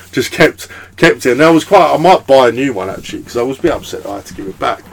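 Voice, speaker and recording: A man's voice: medium pitch, expressive, fast, gravelly. A young man with an Essex accent, a podcast guest telling rambling, swear-laden stories and laughing often. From Essex, England. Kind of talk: casual chat.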